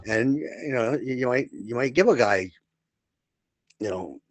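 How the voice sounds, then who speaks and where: Older male comic host, animated storyteller who stumbles and repeats words, lively intonation. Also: mid-range voice, a little slow. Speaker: podcast host, comedian. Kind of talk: casual storytelling.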